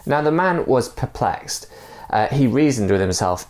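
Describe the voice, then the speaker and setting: Man preaching, animated storyteller, loose delivery with ums and uhs. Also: mid-range voice, measured pace. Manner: storytelling with many fillers. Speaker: pastor. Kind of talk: sermon.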